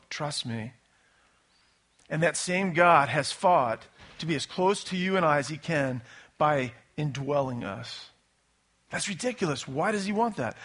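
A man preaching a sermon in a conversational, animated way, with sudden bursts of loud emphasis. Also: a little high, husky. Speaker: pastor.

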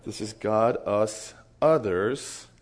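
A man, a missionary, telling an animated story in a sermon, chuckling often and acting out the people in it. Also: on the low side, takes it slowly, slight background noise.

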